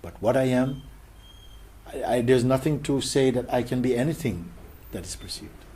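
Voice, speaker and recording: A man giving a contemplative spiritual talk as a teacher, gentle and questioning, often sinking into a whisper. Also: mid-range voice, animated, normal speed, husky.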